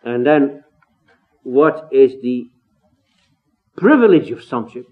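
A man's voice: mid-range voice, sing-song, takes it slowly. A man preaching an expository sermon, earnest and emphatic, with rhetorical questions and rising exclamations. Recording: tinny phone-like sound.

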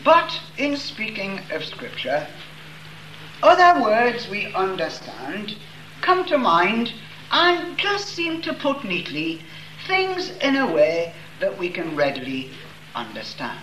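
A man preaching a sermon, reading scripture slowly and leaning hard on the key words. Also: high voice, huge pitch swings, bright, forceful tone. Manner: slow, emphatic reading of scripture with stressed words. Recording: roomy echo with faint room noise.

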